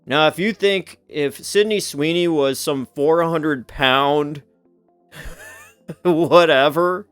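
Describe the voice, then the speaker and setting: A man's voice: on the high side, slow, hardly any pauses, smooth, dry recording, soft background music. A man hosting a casual commentary in a rambling, joking manner. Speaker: commentary host.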